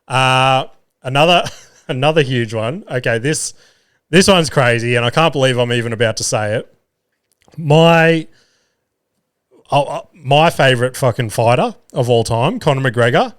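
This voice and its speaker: A man's voice: mid-range voice, animated, measured pace, pauses often, clean tone. A man hosting a solo podcast in casual chat, rambling, swearing freely and filling gaps with "um" and "like" as he hunts for words. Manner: loses his words mid-thought. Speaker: podcast host.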